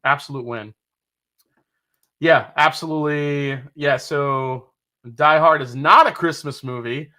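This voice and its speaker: A man's voice: on the high side, measured pace, pauses often, pushed and bright. A man from New York hosting a casual live stream, reading out viewer comments, joking, swearing casually and laughing often. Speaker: livestream host.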